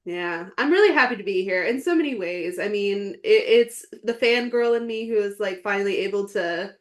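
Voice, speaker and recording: A woman's voice: mid-range voice, normal speed. Earnest woman guest on a podcast, heartfelt, says like a lot, normal mid voice. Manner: earnest and heartfelt, many fillers like "like". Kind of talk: emotional casual interview chat.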